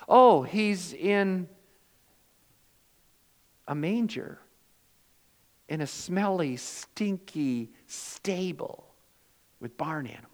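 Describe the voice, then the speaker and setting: A male pastor delivering a sermon, swinging from loud, emphatic lines to hushed, quiet ones, and acting out the voices in his stories. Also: high voice, in a large hall. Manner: acts out quoted voices in storytelling.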